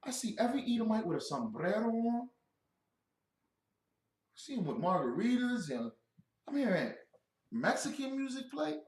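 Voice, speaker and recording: Man, scripture teacher, loud and joking, lively high voice, roomy echo. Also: unhurried, pauses often. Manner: loud, joking, calls on listeners to answer. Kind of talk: animated scripture breakdown.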